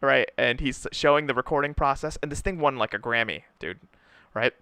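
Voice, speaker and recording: A man's voice: mid-range voice, brisk, smooth, dry recording. A man co-hosting a casual chat, telling stories with lots of "right?" and "dude". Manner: animated storyteller, says "right?" and "dude" a lot. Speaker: co-host.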